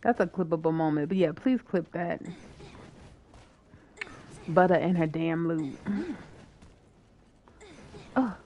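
A woman's voice: sits low, slow, long pauses, lo-fi sound, slight background noise. A woman streaming a co-op video game, chatting playfully and swearing while she plays. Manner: playful, swears and laughs often. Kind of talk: casual gaming chat.

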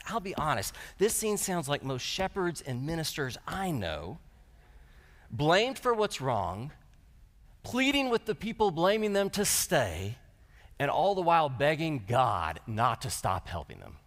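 Animated male preacher in a reverberant hall. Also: fairly high pitch, measured pace. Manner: animated, with humorous asides. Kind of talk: sermon at a lectureship.

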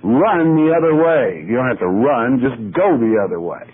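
A male pastor teaching from the Bible in a deliberate way, repeating key words for emphasis. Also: mid-range voice, big pitch swings, husky, narrow, tinny audio.

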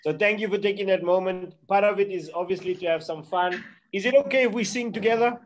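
A man's voice: sits high, fast talker. A man with a South African English accent, presenting chattily and upbeat to a church group on a video call. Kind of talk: casual online meeting presentation.

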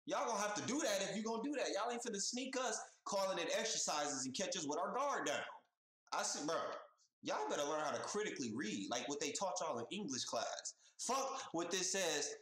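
A man reacting to a news clip in loose, profane street slang, hammering his points again and again. His voice sits fairly high and leaps around with lively swings. The sound bounces in an echoey room. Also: fairly quick. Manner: animated, profane, street slang, repeats himself. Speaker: reaction video host. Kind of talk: casual reaction commentary. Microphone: headphones on, desk mic.

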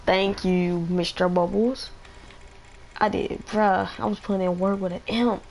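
A man giving live gameplay commentary, excitable, trash-talking in slang and repeating phrases. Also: high voice, measured pace, creaky, slight background noise. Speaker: gamer.

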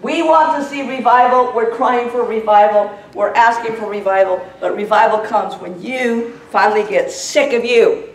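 A woman's voice: on the high side, moderate pace, a little hiss or hum. Fervent woman preacher in an echoey church. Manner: fervent, building to a shouted prayer. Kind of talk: sermon. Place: church sanctuary. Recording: roomy church sound from a distance.

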